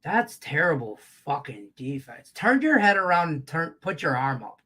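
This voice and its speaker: A man hosting a live betting show, ranting profanely about the game on screen. His voice sits a bit high for a man, and he swings from loud outbursts down to low grumbles. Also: normal speed, slightly rough. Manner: profane, excitable, rants then mutters low. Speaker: sports betting show host.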